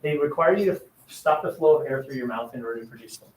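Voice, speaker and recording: A man teaches an English class, sounding out letters aloud and quizzing his students as he goes. His mid-range voice moves fast through the classroom lecture, and the recording carries a roomy classroom echo.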